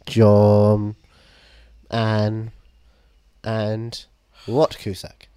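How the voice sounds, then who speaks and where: A man's voice: on the low side, monotone, very slow, warm tone, smooth. A man co-hosting a podcast in casual chat, rambling and cracking jokes with playful wordplay. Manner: joking, rambling, wordplay asides. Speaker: podcast co-host. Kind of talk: casual chat about a TV series.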